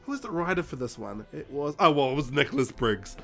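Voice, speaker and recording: A man co-hosting a fan podcast in casual, eager chat. His voice sits a little high, and he keeps laughing and acting out quoted lines. Faint music plays behind him. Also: lively intonation, fast talker, creaky, fairly bright tone. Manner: enthusiastic, laughing, acts out quotes. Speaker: podcast co-host.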